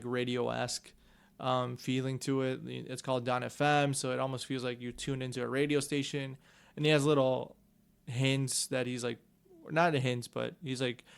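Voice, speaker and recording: Young male co-host, smooth yet gravelly, easygoing and agreeable. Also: mid-range voice. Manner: easygoing, agreeable, steers topics. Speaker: podcast co-host. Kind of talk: casual chat.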